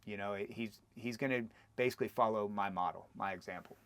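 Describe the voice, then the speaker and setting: A man's voice: fairly low pitch, fairly quick, fairly bright tone. A man hosting a podcast, talking reflectively and thinking aloud as he responds to his guest. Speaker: podcast host. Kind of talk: conversational interview.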